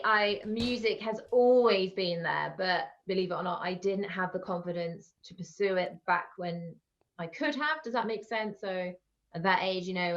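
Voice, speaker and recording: A woman, a guest in an interview, chatting in a rambling way and laughing between thoughts. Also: mid-range voice. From England. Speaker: guest, online vocal reaction creator. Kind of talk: casual interview chat. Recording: slightly dull lo-fi call audio.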